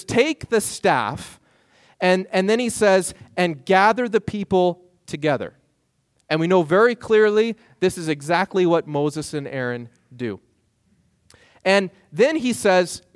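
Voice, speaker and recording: A man preaching a sermon as a pastor, retelling a story in an animated way with playful asides to the congregation. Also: fairly high pitch, no echo, studio quality.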